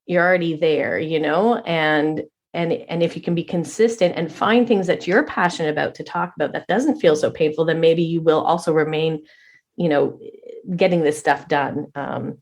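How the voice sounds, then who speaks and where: Woman with a lowish voice giving encouraging advice. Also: moderate pace. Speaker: podcast co-host. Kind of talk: casual podcast chat.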